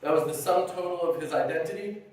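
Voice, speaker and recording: Guy giving a eulogy for his dad, halting and emotional, kinda high voice, far off and super echoey. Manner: halting and emotional, warm humor. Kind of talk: heartfelt funeral eulogy. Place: funeral gathering.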